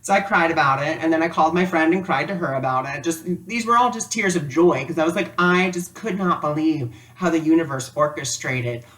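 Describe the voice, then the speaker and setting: A man's voice: fairly high pitch, brisk, hardly any pauses, a bit bright. A man giving a casual spiritual lesson, telling a personal story in a chatty way with many fillers. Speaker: spiritual teacher. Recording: voice a bit distant from the mic.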